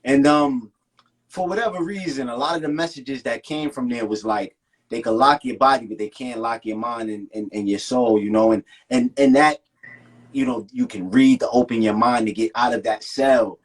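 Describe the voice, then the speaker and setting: A man's voice: medium pitch, moderate pace, low-quality recording. A man hosting an interview, talking loosely and colloquially with many hesitations. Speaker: host. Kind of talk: casual interview talk.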